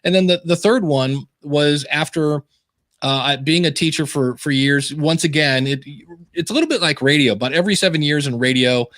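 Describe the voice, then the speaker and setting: A man's voice: a little high, normal speed, no room sound, studio quality. Chatty man acting out his stories. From Ohio. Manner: animated storyteller acting out quoted voices. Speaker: podcasting guest. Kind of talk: casual interview storytelling. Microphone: video call.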